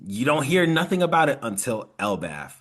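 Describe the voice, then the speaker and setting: Rambling, animated man on a podcast. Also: mid-range voice, normal speed, breathy edge. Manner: animated, laughs often, rambling with restarts. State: tired. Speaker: podcast co-host. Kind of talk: casual chat.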